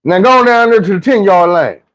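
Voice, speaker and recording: A man's voice: high-pitched, animated, moderate pace, voice pushed up. A man putting on a stern, barking football coach. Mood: barking commands. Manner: loud, commanding, raised voice.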